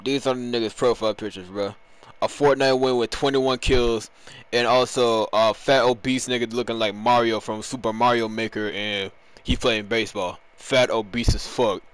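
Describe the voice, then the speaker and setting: A young man giving raging, profane gameplay commentary, yelling in frustration and then dropping to low muttering. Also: fairly even intonation, moderate pace, clear, resonant tone, no echo. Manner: swings between loud outbursts and low muttering. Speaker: gamer.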